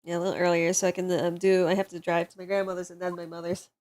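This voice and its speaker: A woman's voice: lowish voice, flat delivery, fast talker, darkish tone. A woman streamer giving casual gaming commentary in a blunt, profane, joking way.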